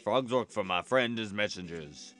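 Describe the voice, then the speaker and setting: A man's voice: lowish voice, normal speed, a bit bright, faint music behind. Crude, goofy let's-play man. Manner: crude, goofy, swears a lot. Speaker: let's player. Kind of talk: game commentary and reading dialogue aloud.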